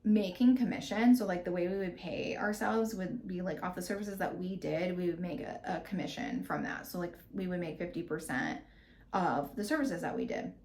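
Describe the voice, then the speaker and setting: A woman in her thirties hosting a podcast, telling a personal story in a candid, animated way and swearing freely. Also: on the low side, moderate pace, reverberant. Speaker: podcast host. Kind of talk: casual storytelling monologue.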